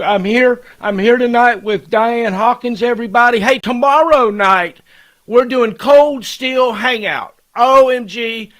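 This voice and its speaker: An American man hosting a casual livestream chat, excited and rambling with many fillers. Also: very high-pitched. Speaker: host.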